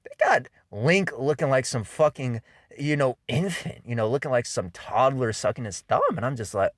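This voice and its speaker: Exasperated man ranting, lively pitch, dry close mic, profane gaming commentary. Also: moderate pace, no room sound. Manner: profane, exasperated, fillers "you know" and "man". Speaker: video game commentator.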